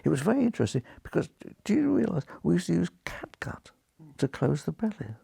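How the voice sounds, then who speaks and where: A very old British man with a deeply gravelly, husky voice, spinning yarns from his surgical career and slipping into the voices of the people in them. His tone is dark and mellow, recorded close in a dry room with no echo. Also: brisk. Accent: British English. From Britain. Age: 90s. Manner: lively raconteur, acts out quoted voices, chuckles. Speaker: retired surgeon, guest. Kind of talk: anecdotal storytelling in an interview.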